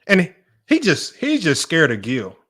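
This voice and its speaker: A man's voice: a little high, huge pitch swings, a little slow, fairly bright tone. A young man hosting a sports debate livestream, riffing casually and joking as he talks straight at his viewers. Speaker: sports show host.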